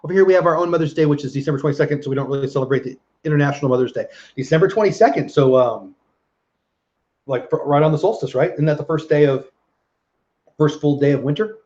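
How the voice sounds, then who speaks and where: A man's voice: on the high side, quick pace, a little mellow. Chatty man hosting a livestream. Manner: chatty, reads viewer comments aloud, laughs easily. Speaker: livestream host reading chat. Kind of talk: casual live chat. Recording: dull lo-fi stream audio.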